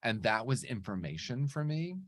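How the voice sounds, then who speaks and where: A man as an interview guest, telling his story in an earnest, animated way and checking in with frequent "right?" asides. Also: medium pitch, moderate pace, no room sound, clean studio sound. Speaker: guest speaker on recovery. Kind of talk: reflective conversational storytelling.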